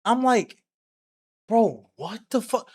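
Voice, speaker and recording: Male stream host: high, bouncy voice, animated slangy storyteller, swears freely. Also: slow pace. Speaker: anime discussion host. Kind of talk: casual chat, recapping an anime.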